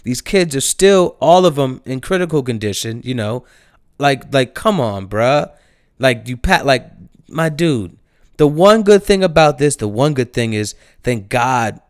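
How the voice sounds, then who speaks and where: A young man with a New Jersey accent, ranting in slangy, profane casual talk, swinging from low mutters to loud exasperated outbursts. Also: no room sound, studio quality. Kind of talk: casual opinion rant.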